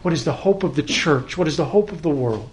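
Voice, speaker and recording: A man preaching a sermon as pastor, earnest, slowing down for emphasis and sometimes repeating words as he searches for them. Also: a little high, lively intonation.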